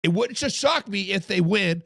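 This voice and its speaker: A man hosts a casual sports talk live stream, chatting with viewers in the chat. His voice sits high and is heavily gravelly and hoarse. The recording is dry and close. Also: animated, moderate pace, a bit bright, dry recording. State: hoarse from coaching. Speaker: podcast host.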